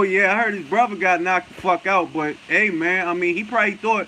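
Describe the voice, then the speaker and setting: A man's voice: high voice, a little fast, hardly any pauses, pushed and bright, slight background noise, low-quality recording. A man with a New York accent hosting a boxing talk show, talking bluntly and profanely and often laughing as he answers viewer comments.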